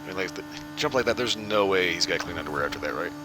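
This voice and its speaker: A man's voice: low-pitched, sing-song, fast talker, music in the background. A man streaming a driving game, chatting in a rambling, crude, bemused way. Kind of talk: casual gameplay commentary.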